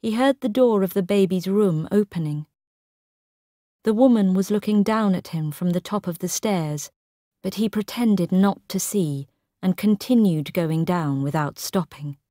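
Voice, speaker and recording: A woman narrating a short story in a careful, clear way for English learners. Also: mid-range voice, a little slow, mellow, no echo, clean studio sound.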